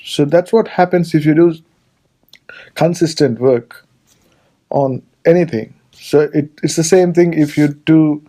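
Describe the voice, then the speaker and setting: Earnest man with a dark voice, hosting. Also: on the high side. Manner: earnest, repeats words when searching. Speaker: podcast host. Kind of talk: casual conversation.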